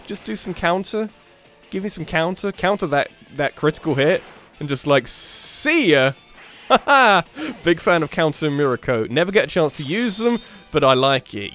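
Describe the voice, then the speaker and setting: Lively excitable man narrating gameplay. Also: on the high side. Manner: excitable, thinks aloud, often restarts sentences. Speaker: let's play gamer. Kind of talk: casual gameplay commentary.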